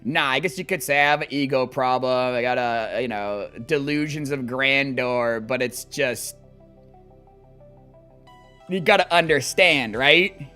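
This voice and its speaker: A man's voice: medium pitch, unhurried, clear, resonant tone, faint music behind. A man streaming as he plays a game, chatting casually and telling rambling, profane stories. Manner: animated, profane, rambling storytelling. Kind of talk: casual chat while gaming.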